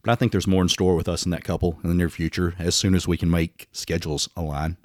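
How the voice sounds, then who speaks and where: A man's voice: deep voice, level tone, fast talker, darkish tone, no room sound, clean studio sound. A man in his fifties with a Southern US accent, co-hosting a podcast in casual chat, blunt and self-mocking, swearing freely. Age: 50s. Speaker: podcast co-host.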